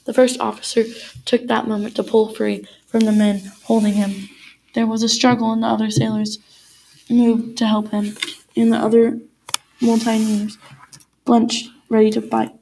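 A woman reading a novel aloud chapter by chapter, in an even, unhurried manner. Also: fairly high pitch, creaky, slight background noise. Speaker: reader.

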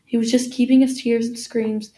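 A woman reading a novel aloud as narrator, in a steady storytelling manner. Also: fairly high pitch, moderate pace, poor audio. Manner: steady storytelling with small slips.

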